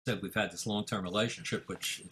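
An older man, a music manager, telling a story in an interview, full of fillers and acting out the dialogue with rising excitement. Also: on the low side, a little fast, a little hiss or hum. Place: office in Manhattan.

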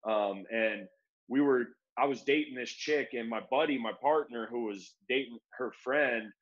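A man's voice: medium pitch, moderate pace, fairly bright tone. A young man from the United States, an MMA fighter being interviewed, telling his story casually with lots of "like" and "bro". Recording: dull lo-fi sound.

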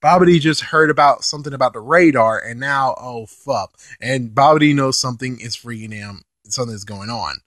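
A man giving casual episode commentary as an anime reviewer. He is animated, swears casually, and laughs while he talks. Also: mid-range voice, brisk, few pauses, no room sound.

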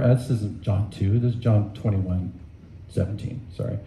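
A man's voice: lowish voice, fairly even intonation, moderate pace, mellow, reverberant, low-quality recording. A man preaching a sermon in a conversational, emphatic way, with candid asides, in a church. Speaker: pastor. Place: church sanctuary.

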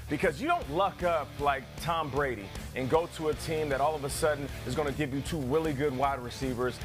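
A man on a sports talk panel, speaking conversationally and posing rhetorical questions. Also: a little high.

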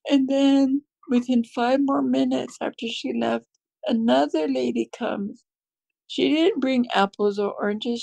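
A middle-aged woman from the United States shares a heartfelt personal faith testimony as a guest, emotional and tearful at times. Her voice is fairly high and creaky with a darkish tone, in a dry recording.

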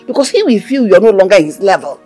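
A husky, coaxing Nigerian mother. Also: medium pitch, very animated, fast talker, mellow, faint music behind. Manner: coaxing and chiding, mixing in Igbo phrases. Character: coaxing middle-aged mother urging her daughter to marry.

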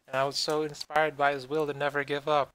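A man's voice: a little high, monotone, a little fast, fairly bright tone, clean tone, lightly acted, poor audio. A man mocking a whiny anime schoolgirl. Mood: whiny mockery. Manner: mocking, exaggerated, stammering.

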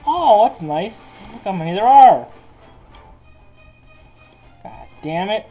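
A man's voice: high-pitched, very animated, slow pace, muffled recording, faint music behind. A man giving casual game commentary while he plays, cursing constantly. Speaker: gameplay commentator.

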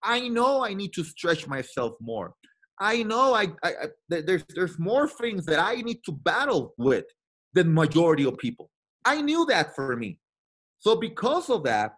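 A man from Latin America in his thirties drives home his points in a motivational team training talk, repeating himself for emphasis. His pitch sits fairly high and swings widely as he speaks. He slips into the voices of the people he quotes. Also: wildly swooping pitch, normal speed, fairly bright tone.

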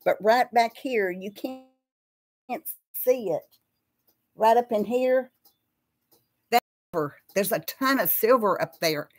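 A woman's voice: a little high, slow pace, long pauses. A middle-aged woman with a Texas accent, chatting casually with viewers on a live stream and calling them y'all. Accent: Texan. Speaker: host of a live chat.

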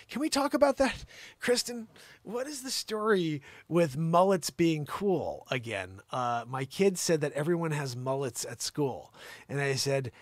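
A man hosting a live improvised comedy show, teasing and scolding a caller in a loud, mock-outraged rant. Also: medium pitch, lively intonation, normal speed, dry recording.

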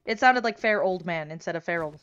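A woman's voice: lowish voice, lively intonation, quick pace, a bit bright, clear, resonant tone, muffled recording. A woman chatting casually and playfully while playing a co-op game, laughing often. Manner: giggly, playful, jokey. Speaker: co-op game player. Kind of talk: casual gameplay chat.

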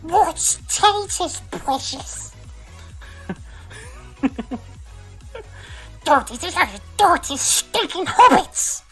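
A man putting on a raspy, strained voice to play a wretched, hissing, obsessive male creature. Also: extremely high pitch, animated, very slow, pauses often, a bit bright, faint music behind, voice pushed up, exaggerated voice. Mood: sneering. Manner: hissing, sneering.

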